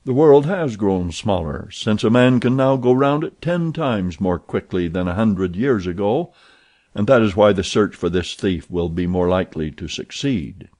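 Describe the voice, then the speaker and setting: A man voicing a confident gentleman who reasons out his view in a measured way. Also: lowish voice, expressive, close to an everyday voice. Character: confident, hopeful gentleman clubman.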